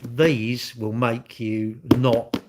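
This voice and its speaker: A man's voice: mid-range voice, flat delivery, very slow, heavy background noise. An English man, middle-aged, hosting a casual live stream and bantering cheekily with his chat in a rambling, jokey way. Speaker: livestream host.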